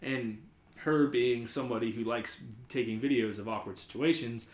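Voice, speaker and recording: A man's voice: mid-range voice, moderate pace. Rambling male podcast host, echoey room. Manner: rambling, many "like" fillers, animated retelling. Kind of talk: casual storytelling chat.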